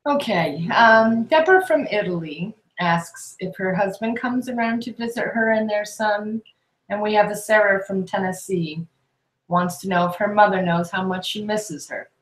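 A woman co-hosting a live talk who reads viewers' questions aloud in a brisk, plain way. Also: mid-range voice, reverberant, poor audio. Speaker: co-host reading out viewer questions.

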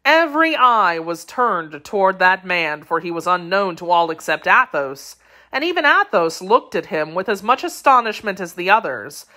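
A woman narrating a classic novel as an audiobook, in a measured, dramatic storytelling manner. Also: mid-range voice, bright, forceful tone.

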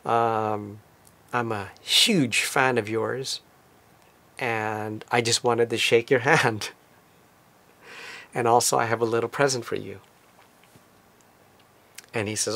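Slow, gravelly man telling a story. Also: lowish voice. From lives in Tokyo. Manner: relaxed, conversational retelling with fillers. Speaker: vlogger. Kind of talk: casual storytelling.

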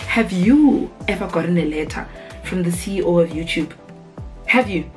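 A young woman talking casually to her viewers in a vlog, bubbly and chatty, her voice jumping up into squeals when she gets excited. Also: fairly low pitch, normal speed, faint music behind. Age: young adult. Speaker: content creator.

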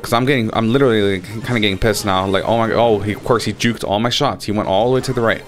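A young man giving casual gameplay commentary, swearing freely and getting loudly frustrated. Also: fairly low pitch, fast, hardly any pauses. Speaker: gaming channel host.

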